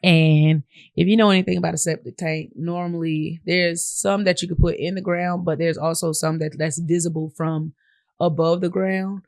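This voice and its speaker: A woman's voice: lowish voice, fairly even intonation, moderate pace, darkish tone, no echo, clean studio sound. A woman with a Southern US accent hosting a podcast, talking casually and straight to her listeners as "y'all". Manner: conversational, addresses listeners as y'all. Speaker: podcast host. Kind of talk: casual monologue.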